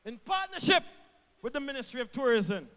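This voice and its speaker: A government minister with an Antiguan accent rouses a political rally, his voice very high-pitched, sing-song and fairly quick, with a long reverb tail behind it. He repeats lines for emphasis and swings between hushed and shouted delivery; he is from Antigua and Barbuda.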